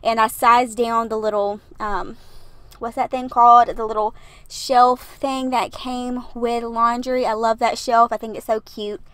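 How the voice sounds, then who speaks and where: A young woman records a casual, rambling voiceover from her parked car, short of breath and laughing between thoughts. Her voice sits a little high. The sound is dry and close, with no room around it. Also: little pitch movement, a little slow, fairly bright tone, no room sound. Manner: chatty, rambling, laughs often. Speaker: YouTuber narrating a build video.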